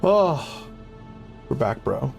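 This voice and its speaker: A man chatting casually while live-streaming a game, excitable and swearing, his voice jumping up high when he gets worked up. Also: very slow, creaky, faint music behind.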